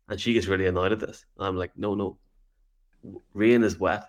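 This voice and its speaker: Casting: lower-voiced man, chatty teasing podcast co-host. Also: steady tone. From Ireland. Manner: chatty, teasing, quick to laugh. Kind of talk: casual sports chat.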